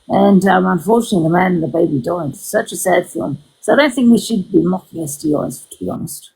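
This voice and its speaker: A woman's voice: on the low side, vocal fry, a little mellow, husky, low-quality recording. A woman hosting a casual livestream chat, rambling and swearing freely, with many restarts.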